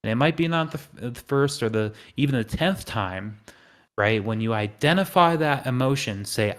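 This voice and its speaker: A man's voice: medium pitch, moderate pace. Man hosting a live trading stream. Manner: animated, acts out panicked inner voices.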